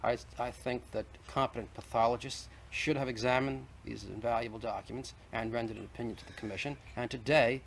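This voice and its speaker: A man's voice: medium pitch, fairly even intonation, brisk, creaky, hardly any pauses, slight background noise. A man debating on an archival 1960s TV broadcast, pressing his case point by point with persistence. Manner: persistent, argumentative, lays out evidence point by point. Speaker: debate guest. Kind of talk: televised debate.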